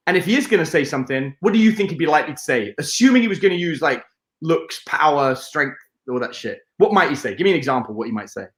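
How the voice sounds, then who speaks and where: A British man, a dating coach, telling stories in a lively interview with a playful, swearing manner, acting out scenes. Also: fast, roomy sound. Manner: playful, swearing, acts out scenes in high put-on voices. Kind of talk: animated interview storytelling.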